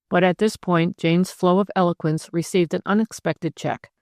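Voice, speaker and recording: A woman's voice: fairly low pitch, steady tone, normal speed, hardly any pauses, a little mellow, no echo, studio quality. Woman narrating a classic mystery audiobook. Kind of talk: scripted narration.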